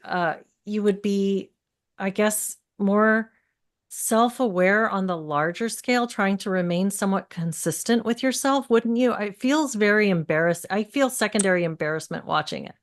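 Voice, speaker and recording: A woman hosting a casual panel chat and reading out viewer comments, thinking aloud with halting restarts. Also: medium pitch.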